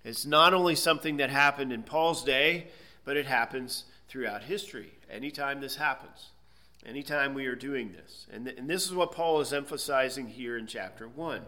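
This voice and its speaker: A man's voice: medium pitch, sharp tone. A man giving a methodical Bible lesson, explaining word meanings step by step and checking in with "okay?". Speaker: Bible teacher. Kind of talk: expository Bible lecture.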